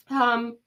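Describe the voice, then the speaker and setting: A woman's voice: a little high, gravelly, fairly bright tone, husky. A woman hosting a livestream, ranting in exasperated, emphatic commentary, swearing freely and breaking off to talk to her chat. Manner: talks to chat and mods mid-rant. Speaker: livestream host.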